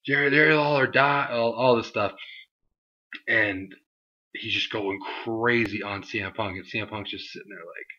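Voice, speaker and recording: A man's voice: fairly low pitch, steady tone, a little slow, sharp tone, husky. Chatty young man on a dull mic. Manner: rambling, filler-heavy, acts out quotes in mocking voices. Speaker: wrestling show reviewer. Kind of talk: casual vlog review.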